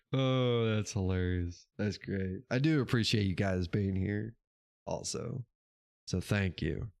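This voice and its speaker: A man's voice: lowish voice, takes it slowly, vocal fry, a little mellow, no echo. A man hosting a casual livestream show, chatting with his chat in a laid-back, rambling way, swearing now and then and laughing often. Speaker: podcast host reading live chat.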